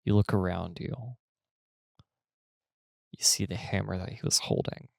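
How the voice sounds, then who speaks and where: A man's voice: sits low, flat delivery, a little slow, vocal fry, dry recording, studio quality. A man narrating a tabletop game as game master, describing the scene vividly in the second person.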